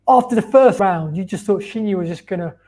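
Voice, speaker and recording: A man's voice: high voice, fairly quick, a little mellow. A man co-hosting a casual live chat over a video call, enthusiastically recalling fights he covered. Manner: enthusiastic, anecdotal. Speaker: show co-host and fight reporter.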